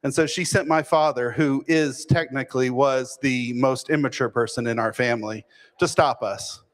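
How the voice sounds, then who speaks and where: A man from Texas, telling a humorous personal story with self-deprecating, deadpan timing. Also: medium pitch, normal speed. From Fort Worth, Texas.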